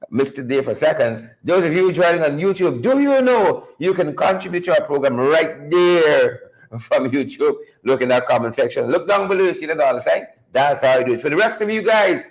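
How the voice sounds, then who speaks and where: A man's voice: on the high side, poor audio. A man hosting a live morning show, greeting viewers by name and repeating his phrases upbeat.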